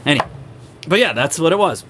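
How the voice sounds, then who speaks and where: A young man hosting a podcast, telling road stories in a casual, animated way and acting out other people's lines. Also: fast, noisy background. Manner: animated storyteller, acts out quoted people in higher voices. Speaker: podcast host. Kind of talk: casual storytelling chat.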